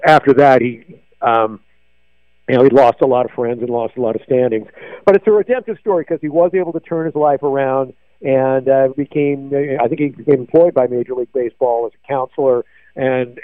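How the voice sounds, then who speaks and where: A man's voice: mid-range voice, no echo. Host, older man, digressive reminiscing chat, dry and tinny phone-like audio. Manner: digressive, many fillers and restarts. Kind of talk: rambling sports memories chat.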